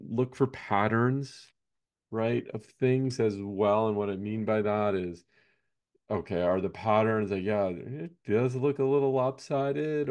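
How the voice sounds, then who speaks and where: A man's voice: lowish voice, darkish tone. A man, a basketball coach, chatting casually on a podcast, rambling and often ending points with "right?".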